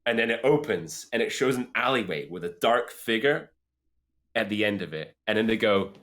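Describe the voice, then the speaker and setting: Animated, excitable man recounting a film. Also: fairly low pitch, normal speed. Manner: animated, excitable storyteller who swears freely. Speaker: podcast co-host. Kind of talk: casual film discussion.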